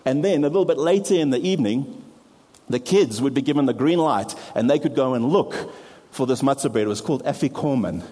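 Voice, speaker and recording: A man preaching to a congregation, his voice mellow and dark in tone. He explains patiently and steps aside now and then to poke fun at himself. Long reverb hangs around his words in the hall. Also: medium pitch, brisk. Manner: explains with props, self-deprecating asides. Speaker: pastor. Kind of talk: sermon.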